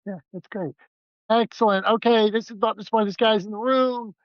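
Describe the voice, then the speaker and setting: A man's voice: sits high, steady tone, normal speed, dry recording, muffled recording. A man co-hosting a podcast, joking around in a playful, self-mocking way. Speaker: podcast co-host. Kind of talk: casual podcast banter.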